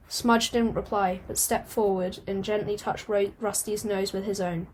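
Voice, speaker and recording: A woman reading a storybook aloud at a steady pace, now and then stumbling and starting a phrase again. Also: medium pitch, normal speed, hardly any pauses, slight background noise. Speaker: audiobook reader.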